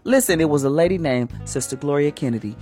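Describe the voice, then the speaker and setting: Female morning radio host, sermon-style inspirational talk, emphatic and preachy, very expressive pitch. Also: fast, soft background music. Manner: preachy, emphatic, acts out quoted voices.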